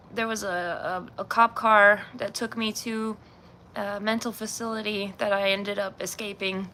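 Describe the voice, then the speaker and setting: A woman with a slight slur streams from home, talking loosely and laughing at herself. Her voice is bright and a little high. A faint hiss sits under the phone recording. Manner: rambling, self-deprecating, laughs often. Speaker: livestreamer and artist. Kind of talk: casual livestream chat. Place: at home, indoors.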